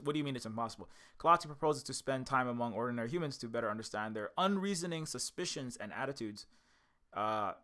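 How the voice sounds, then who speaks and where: Bright-voiced man rambling through a film. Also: medium pitch. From United States. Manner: rambling, self-correcting, many restarts. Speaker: indie game developer and channel host. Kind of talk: casual film commentary.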